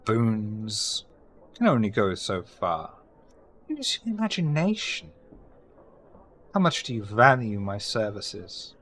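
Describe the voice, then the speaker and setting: A man voicing a courteous, quietly menacing older male vampire necromancer. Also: fairly low pitch, big pitch swings, takes it slowly, pauses often, slight background noise, exaggerated voice. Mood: smooth.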